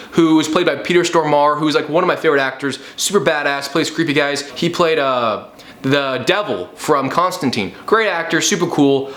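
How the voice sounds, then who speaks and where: Young man, slightly high voice, sarcastic profane rant, movie review, echoey room. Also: a bit bright.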